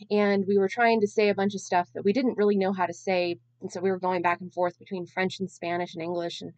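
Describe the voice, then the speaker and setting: A woman's voice: medium pitch, a little mellow, no echo, muffled recording. Woman podcast host, thirties, chatty and long-winded, self-deprecating, close dry mic. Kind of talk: casual solo podcast storytelling.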